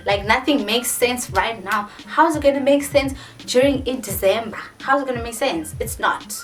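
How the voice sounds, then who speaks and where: A South African woman in her twenties, a vlogger telling a story in a casual, animated way with lots of "like". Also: a little high, normal speed. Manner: animated, dramatic retelling with many filler likes. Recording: distant mic with faint music.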